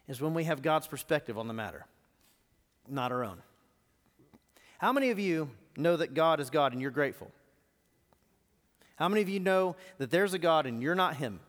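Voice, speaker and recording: A man and lead teaching pastor giving a live sermon, asking the congregation emphatic rhetorical questions. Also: a little high. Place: church auditorium. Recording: long reverb in a live hall.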